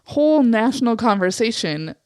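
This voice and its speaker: Young woman, vocal fry, bit raspy, says like a lot, swears, dead dry sound. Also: a little high, big pitch swings, moderate pace, a little mellow, no echo. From Eastern Montana, USA. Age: young adult. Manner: candid, frequent "like" fillers, swears freely. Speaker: podcast co-host. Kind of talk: casual chat.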